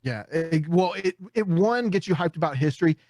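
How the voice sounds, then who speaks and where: A man hosting a casual podcast, telling stories with animated energy, often putting on voices and laughing. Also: on the high side, normal speed, no echo. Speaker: podcast host.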